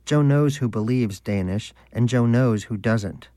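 A man's voice: mid-range voice, unhurried, dark tone, no room sound, close to an everyday voice. A man voicing a pompous, devout male pet hamster who lectures in a lofty, condescending manner, as an audiobook character. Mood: preachy.

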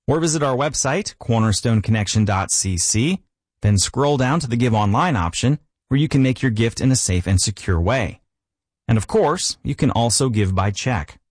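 Brief: male announcer, mid-pitched, smooth scripted read with music playing clearly underneath. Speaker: radio program announcer.

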